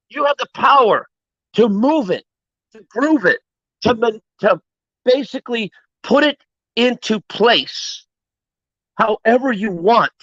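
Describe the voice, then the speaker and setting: A man's voice: very high voice, fairly bright tone, no room sound, muffled recording. A man giving a live-streamed motivational talk, preachy and emphatic, swearing freely. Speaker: motivational livestreamer.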